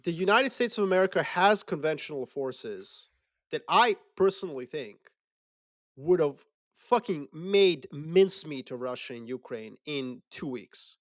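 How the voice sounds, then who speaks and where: A man talking politics in a loose, animated way, swearing freely and acting out quick mocking voices. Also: on the high side. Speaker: podcast co-host. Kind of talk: casual geopolitical discussion.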